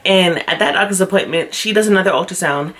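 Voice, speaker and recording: A young woman vlogger telling a personal story to camera, chatty and animated, often acting out what others said. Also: fairly low pitch, fast talker. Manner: chatty with frequent fillers. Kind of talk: storytime vlog.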